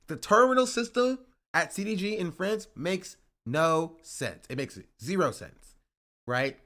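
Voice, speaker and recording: A man's voice: sits high, expressive, measured pace, pushed and bright. A man streaming, telling a travel story in rambling casual chat and checking in with "right?" as he goes. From United States. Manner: rambling, keeps asking "right?" and "you know?".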